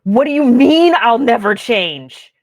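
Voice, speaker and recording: A frightened, defiant young heroine yells indignant questions in a high, swooping voice. A woman plays her in a tabletop game. The recording is dry. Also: huge pitch swings, moderate pace, dry recording, full character voice. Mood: yelling. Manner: yelling, shaky and indignant.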